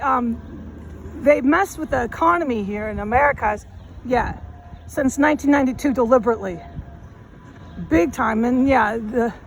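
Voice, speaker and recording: A woman rambling emphatically in casual slang as she walks a city street and films a vlog on her phone. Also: high-pitched. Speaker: vlogger. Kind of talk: walking vlog monologue. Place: city street outdoors, walking. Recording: faint street noise outdoors. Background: street noise and passing traffic.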